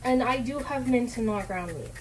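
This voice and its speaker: Cooking in a noisy kitchen with chopping in the background, a woman streamer and cooking vlogger chats casually, rambling, swearing freely and making fun of herself. She speaks at a moderate pace in a slightly high voice.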